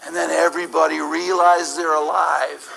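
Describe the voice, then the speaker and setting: A middle-aged man telling a humorous personal story as a guest speaker at a church service, animated and laughing, with many restarts. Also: fairly high pitch, moderate pace, gravelly, slight background noise, poor audio.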